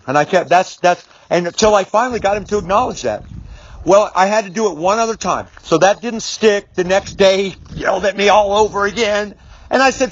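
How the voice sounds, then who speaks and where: A middle-aged man with a high voice for his sex tells a personal story to camera in a casual, rambling way, restarting sentences and swearing mildly. He drives his points home with firm repetition. The recording sounds dull and lo-fi. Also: fairly quick, a little hiss or hum. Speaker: business speaker. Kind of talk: storytelling video monologue.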